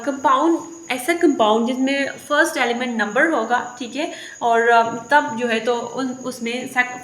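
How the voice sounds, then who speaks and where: A woman's voice: a little high, pushed and bright. A woman teacher with an Indian English accent explaining a lesson step by step, repeating her examples. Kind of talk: recorded lecture. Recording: echoey room.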